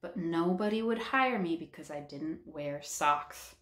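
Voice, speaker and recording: A woman's voice: on the low side, animated, measured pace, a bit bright. A woman doing a blunt scruffy hobo man. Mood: matter-of-fact. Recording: roomy echo.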